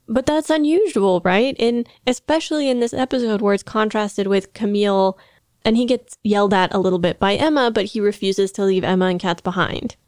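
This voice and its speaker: A woman of middling pitch discusses on a podcast in an animated way, playfully acting out lines. The recording is dry and close. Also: brisk, no room sound. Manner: animated, acts out quotes playfully. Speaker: podcast co-host. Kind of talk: analytical discussion.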